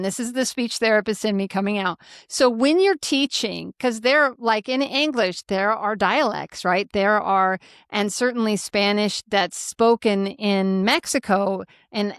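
A woman's voice: medium pitch, fairly bright tone, clean tone, dry recording, clean studio sound. A woman who works as a speech therapist, hosting a casual interview, enthusiastic and affirming. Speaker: podcast host, speech therapist.

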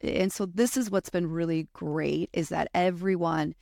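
A woman's voice: lowish voice, fairly even intonation, unhurried, creaky, a little mellow, dry recording, clean studio sound. A woman who works with school students, talking earnestly in an interview with frequent fillers. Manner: earnest and thoughtful, with many fillers. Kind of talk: casual interview chat.

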